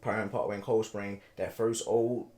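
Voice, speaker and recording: A man in his thirties from Baltimore, a podcast guest telling a personal story in a halting way, repeating words and acting out what people said. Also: on the low side, flat delivery, mellow. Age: 30s.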